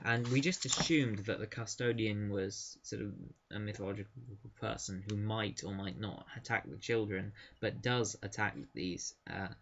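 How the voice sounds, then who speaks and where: A man's voice: lowish voice, moderate pace, gravelly, fairly bright tone, highs cut off, slight background noise. Enthusiastic man reviewing comics. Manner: enthusiastic, chatty with frequent fillers. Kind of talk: casual review talk.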